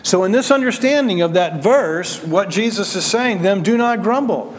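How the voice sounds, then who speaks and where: A man preaching a verse-by-verse sermon, animated, acting out the voices he quotes and restarting words as he goes. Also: sits high, normal speed, big-room sound. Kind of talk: expository sermon.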